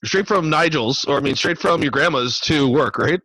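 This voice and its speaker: A man's voice: a little high, normal speed, sharp tone. A man hosting a casual chat, eagerly prompting his guest with questions and swearing freely. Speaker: host.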